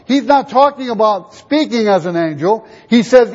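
High-voiced preacher with rhetorical questions. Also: male voice, lively intonation, moderate pace, few pauses, darkish tone. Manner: rhetorical questions, emphatic teaching. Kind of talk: sermon. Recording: dull lo-fi recording.

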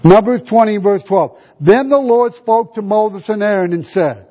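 A preacher with a notably high voice delivers a sermon, firing rhetorical questions at his listeners. He slows right down to lean on scripture verses word by word. The recording is muffled and lo-fi. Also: expressive, warm tone, slightly rough. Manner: rhetorical questions, drawn-out emphatic scripture reading. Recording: dull lo-fi recording.

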